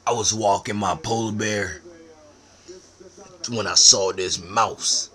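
A man telling absurd comedic stories in a deadpan, profane, slang-heavy manner. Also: lowish voice, slow.

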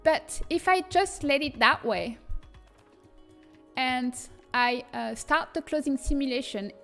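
A woman's voice: high voice, takes it slowly, gravelly, a bit bright, faint music behind. A young woman with a French accent giving a casual livestream tutorial, chatting, reading viewer comments and laughing often. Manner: chatty, laughs often, reads chat aloud. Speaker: streamer teaching custom content.

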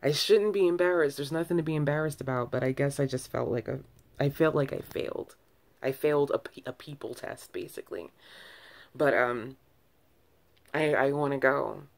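A woman's voice: extremely low pitch, normal speed. A woman vlogger talking to camera in a loose, candid ramble, full of restarts and self-corrections, with sighs between thoughts. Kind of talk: casual early-morning ramble to camera.

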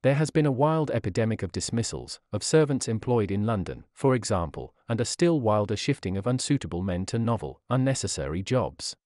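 A man reading a nonfiction audiobook aloud as narrator, with an expressive, pointed delivery and a sardonic edge. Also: fairly low pitch, a little fast, few pauses, dry recording, clean studio sound.

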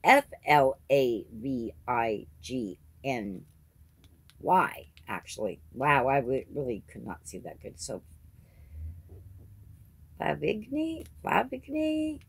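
Woman, crafting host, gravelly, husky, slow casual unboxing chat, gushing. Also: extremely low pitch, sing-song, no room sound. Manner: gushing, chatty, gasps at each item.

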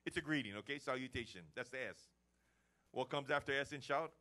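A man preaching a lively sermon to his church, acting out everyday chats as he goes. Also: mid-range voice, fairly quick. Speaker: pastor. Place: church service.

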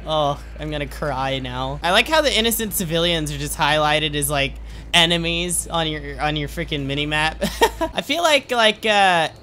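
A man's voice: on the high side, lively intonation, normal speed, pushed and bright, faint music behind. A young man in his late teens giving jokey, rambling commentary while playing a game, often gasping and laughing. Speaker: gaming YouTuber. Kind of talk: let's play commentary.

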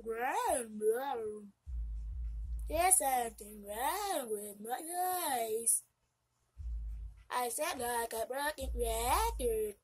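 A woman's voice: a little high, expressive, extremely slow, long pauses, husky, voice pushed down, exaggerated voice. A woman voicing a whiny young granddaughter who pleads and complains.

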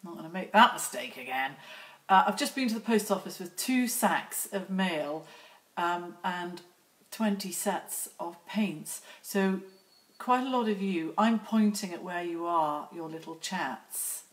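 Lady artist going live on her phone, slow easy pace, teasing her viewers by name. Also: fairly low pitch, expressive. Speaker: artist hosting a live stream. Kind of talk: casual live-stream chat greeting viewers. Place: outdoors near lambs.

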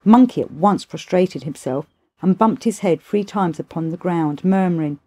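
A woman reading a classic novel aloud as steady, measured storybook narration. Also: on the low side. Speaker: audiobook reader.

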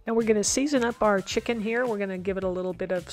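A woman's voice: medium pitch, racing, soft background music. A woman hosting a home cooking demonstration in an upbeat way, throwing in corny chef jokes. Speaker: cooking show host.

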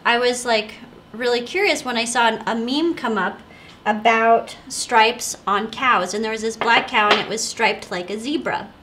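Woman, co-host, casual chat, chatty and giggly, fairly high voice. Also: moderate pace, fairly bright tone, a little hiss or hum. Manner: chatty, giggly, rambling storyteller. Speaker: co-host of a store's question show.

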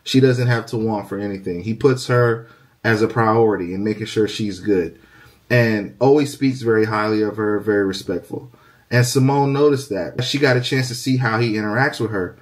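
Calm man with a lowish voice. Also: normal speed. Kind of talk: retelling a story.

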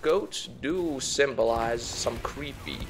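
A man's voice: medium pitch, expressive, takes it slowly, noisy background. A man doing a celebrity impression while commentating a game, meandering and self-mocking and easily sidetracked. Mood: rambling. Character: slow, gravelly, rambling celebrity-impression man.

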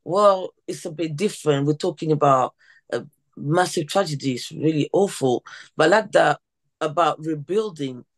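A woman's voice: sits low, normal speed. A woman who works as a teacher, hosting a podcast interview, enthusiastic and often restarting her sentences. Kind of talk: conversational interview.

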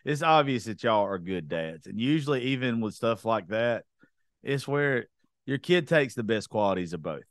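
A man's voice: on the low side, animated, moderate pace, dry recording. Man, podcast host, blunt and cussing, dry close sound. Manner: blunt and profane, storytelling. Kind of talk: casual chat.

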